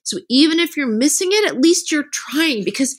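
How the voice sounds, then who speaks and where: A woman's voice: sits high, moderate pace. A middle-aged woman, an author guest on an interview podcast, talking casually and acting out the voices she quotes. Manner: animated storyteller, acts out quoted voices.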